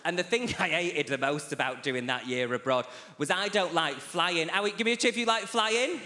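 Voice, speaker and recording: A man's voice: fairly high pitch, a little fast, pushed and bright. A man performing a stand-up comedy set, chatty and confiding, teasing audience members by name. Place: large theatre stage. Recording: echoey theatre, faint audience noise.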